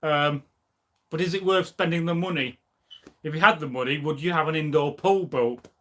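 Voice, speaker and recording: Speaking at a normal speed, a man hosts a laid-back live stream, wandering between ideas and reading what viewers write. His voice is slightly high, bright and forceful, and his manner is opinionated and loose, peppered with ums.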